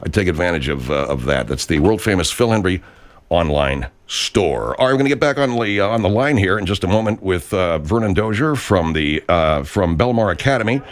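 Chatty talk radio host, lively pitch. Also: male voice, brisk. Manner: chatty, wry, plugging the show. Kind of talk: comedy talk radio with ad reads.

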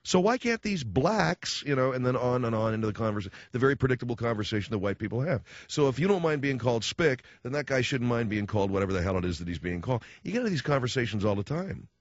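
A man's voice: mid-range voice, racing, hardly any pauses, dry recording. A man hosting a talk radio show, blunt and sarcastic, acting out other people's voices as he goes. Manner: animated, acts out quoted voices. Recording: dull dry studio sound.

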